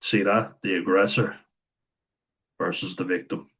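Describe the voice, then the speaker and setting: A man's voice: low-pitched, fairly even intonation, measured pace, vocal fry, fairly bright tone, husky, poor audio. An Irish man talking through a series in casual commentary, blunt and chatty, acting out the quoted lines as he goes. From Ireland.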